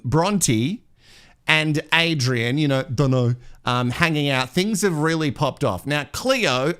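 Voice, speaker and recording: A man's voice: on the high side, a bit bright, clean tone. A man with an Australian accent hosts a live reality TV gossip show, chatting and laughing as he reads viewer comments. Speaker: host.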